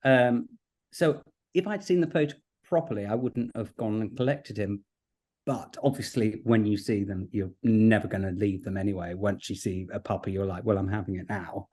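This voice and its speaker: Chatty, laughing Englishman. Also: lowish voice. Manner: chatty, quick to laugh, animated storytelling. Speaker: guest broadcaster. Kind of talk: casual chat.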